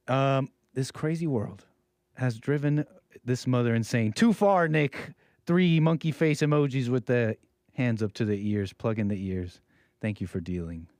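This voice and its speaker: A man's voice: mid-range voice, darkish tone, no room sound, clean studio sound. A man streaming reaction commentary, joking and mimicking the voices in the clip. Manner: jokey, mocking, mimics voices.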